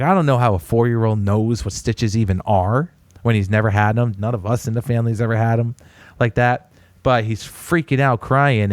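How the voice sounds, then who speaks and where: A man in his thirties tells a family story on his podcast in a loose, animated way. His voice sits on the low side and sounds dry and close to the mic. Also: dry recording. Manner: animated storyteller, puts on high voices when quoting a child. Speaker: podcast co-host. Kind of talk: casual storytelling.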